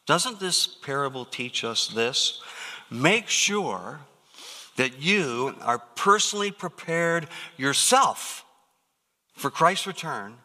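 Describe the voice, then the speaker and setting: Male pastor mid-sermon, forceful and bright, pushes key words hard, echoing sanctuary. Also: mid-range voice. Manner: emphatic preaching, rising to stressed peaks.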